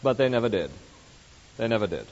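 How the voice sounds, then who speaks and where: Male preacher, sermon, measured storytelling, expressive rise and fall, dull recording. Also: mid-range voice. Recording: muffled recording with long hall reverb.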